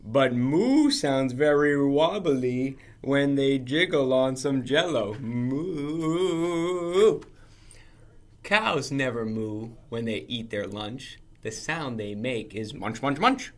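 A man reading a children's picture book aloud in a playful, animated way. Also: mid-range voice, slow pace, few pauses. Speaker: storybook reader.

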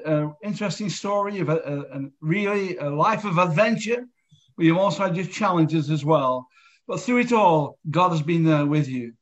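Earnest guy host leading a prayer, kinda high voice, muffled lo-fi stream sound. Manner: earnest, measured preaching delivery. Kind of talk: closing appeal and led prayer.

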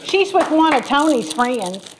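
A woman's voice: high voice, big pitch swings, slight background noise. A woman playing a sassy, gossipy churchgoing country woman who trades jokes on a talk show, speaking. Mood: chatty. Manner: chatty, teasing, quick to laugh at her own jokes. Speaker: comedy character visiting a diner show. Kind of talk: comic banter on a talk show.

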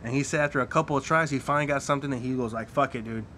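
A man's voice: mid-range voice, racing, sharp tone, slight background noise. A man telling a crude story in casual podcast chat, cursing and laughing often.

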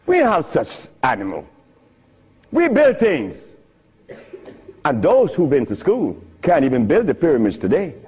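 Older man, husky voice, lively pitch, storytelling talk, muffled old recording. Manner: laughing often, swinging pitch up and down. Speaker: speaker giving a talk. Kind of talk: animated storytelling lecture.

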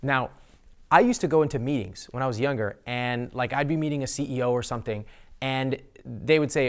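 A man hosting an instructional talk to camera in a studio, speaking expressively and deliberately slowing his delivery to make points. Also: mid-range voice. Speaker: host.

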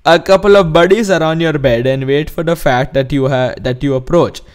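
A man reading game text aloud in a put-on Indian accent, halting and stumbling over the words. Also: a little high, clear, resonant tone, lightly acted. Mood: mock formal.

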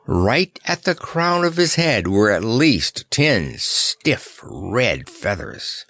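Slow, expressive male storybook narrator. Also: lowish voice, no echo. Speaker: audiobook narrator. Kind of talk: scripted narration.

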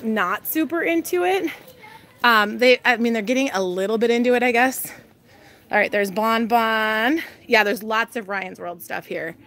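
A woman's voice: on the high side, bright, forceful tone. A woman in her thirties chatting on a live stream as she walks through a big store, bubbly and laughing often, a bit out of breath. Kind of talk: casual live-stream chat. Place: large store.

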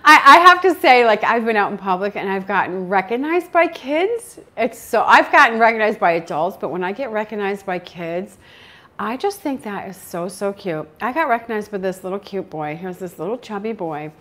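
A woman hosting a homestead channel, telling stories in casual chat with lively, frequent laughter. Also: medium pitch, moderate pace. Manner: chatty, animated storytelling with frequent laughs.

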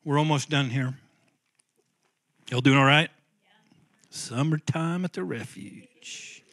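A man's voice: medium pitch, slow, a bit bright, no echo. A male pastor preaching a conversational sermon, often repeating words and restarting phrases. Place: church sanctuary.

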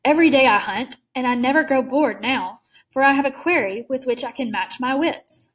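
A woman's voice: sits high, normal speed, natural voice, poor audio. Woman reading as a suave, cruel aristocrat. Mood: boastful. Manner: smooth, genteel and mocking. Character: suave, cruel older male aristocrat hunter.

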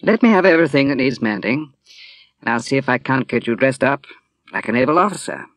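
A man's voice: mid-range voice, animated, brisk, a bit bright, no echo, voice pushed up. A man voicing a bold, outspoken young Australian woman in a storybook reading, with a teasing, blunt manner. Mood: brash.

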